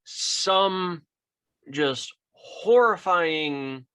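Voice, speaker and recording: A man's voice: high voice, lively intonation, very slow, a bit bright, smooth. A man co-hosting a podcast, chatting casually with dry, joking, profane asides. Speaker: podcast co-host. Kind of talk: casual chat.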